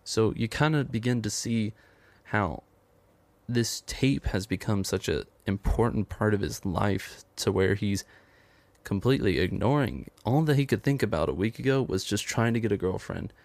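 Brief: low, gravelly male voice, dry close sound, loose conversational plot recap full of "he's like" asides. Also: moderate pace, a little mellow, no room sound. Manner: rambling storytelling, quotes characters with "he's like". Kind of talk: casual film plot recap.

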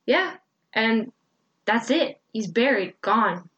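A young woman co-hosting a book podcast retells the story in casual chat, animatedly acting out the characters' lines with laughter. Her voice is a little high and unhurried, and the recording is muffled.

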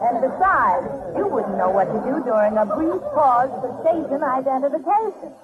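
A woman playing a sassy, sharp-tongued young woman in a 1940s radio comedy, teasing and cutting. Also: high voice, expressive, moderate pace, over a noisy crowd. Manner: sassy, teasing put-down delivery. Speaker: guest actress in a radio comedy. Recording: tinny, noisy old radio broadcast.

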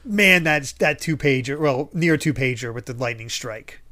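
A man's voice: mid-range voice, expressive, moderate pace, pushed and bright. A man hosting a podcast, chatting casually about a comic and quoting its characters with lots of laughter. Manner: laughs often, quotes characters animatedly. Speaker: podcast host.

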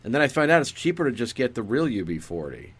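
A man's voice: medium pitch, big pitch swings, fast, husky. A man in casual comedic chat, riffing improvised bits and swearing freely. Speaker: podcast co-host.

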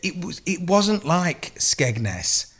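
An English man in his thirties, co-hosting a podcast and telling an animated, profane story in casual chat. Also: sits high, slow pace, breathy edge. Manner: swears a lot, animated storytelling. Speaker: podcast co-host.

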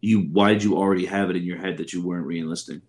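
A man hosting a podcast who asks loose, relaxed questions in casual conversation. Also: deep voice, fast talker. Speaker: podcast host. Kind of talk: casual interview chat.

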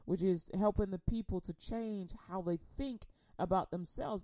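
A woman preaching a humorous sermon, telling animated stories, laughing often and acting out quotes in casual slang. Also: mid-range voice, no room sound.

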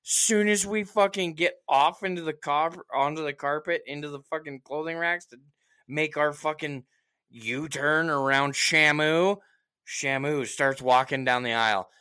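A man in casual chat telling a story as a profane, animated rant, with mocking asides. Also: a little high, unhurried, smooth.

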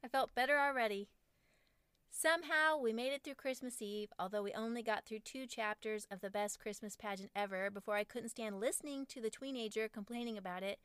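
A woman in her forties with a fairly high, smooth and resonant voice reads from her own parenting book on her podcast. Her delivery is wry and self-mocking. The sound is close and dry. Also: fairly quick, a bit bright, no echo. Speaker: podcast host and author.

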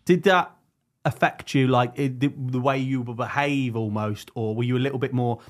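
Man, co-host, casual chat, asks questions, medium pitch. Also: normal speed. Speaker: podcast co-host.

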